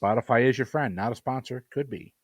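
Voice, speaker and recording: A man's voice: medium pitch, quick pace, no echo. A man hosting a trivia game, reading questions and teasing the players with dry humor. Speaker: trivia quizmaster.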